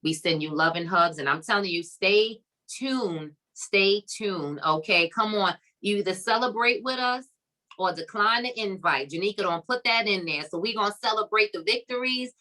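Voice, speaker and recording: Bright emphatic woman hosting a summit. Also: medium pitch, moderate pace, poor audio. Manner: emphatic, preacher-like, repeating phrases with "come on" and "okay". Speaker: summit host. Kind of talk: encouraging faith-based talk to a live online audience.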